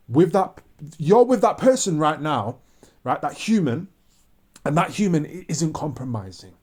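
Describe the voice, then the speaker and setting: A man's voice: on the high side, animated, unhurried, darkish tone. A man ranting to camera in a preachy monologue, repeating his points with emphasis. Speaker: vlogger.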